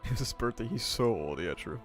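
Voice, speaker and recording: Fairly low-pitched and expressive, a man in his twenties talks a little fast with his livestream viewers, calling out chatters by name while laughing and swearing. He has a stuffy nose and a laid-back manner. Video game soundtrack music plays behind him.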